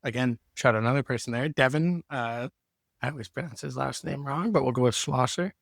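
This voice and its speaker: A man, chatting as a podcast guest in a relaxed, rambling way and sometimes losing his words. Recorded at a backpackers hostel. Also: mid-range voice, brisk, vocal fry, no room sound, clean studio sound. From Canada. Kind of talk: casual conversation.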